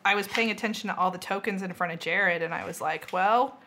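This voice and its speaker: A woman's voice: mid-range voice, brisk. A middle-aged woman co-hosting a board game podcast, chatting casually and telling stories with giggles. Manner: giggly, animated storytelling. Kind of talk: casual chat.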